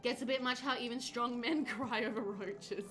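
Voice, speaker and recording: A woman with a slightly high voice chats her way through a live game stream, reading viewers' comments aloud and bursting into bright exclamations. Game music plays clearly underneath her talk. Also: steady tone, normal speed. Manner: chatty, reads chat aloud and reacts with bright exclamations.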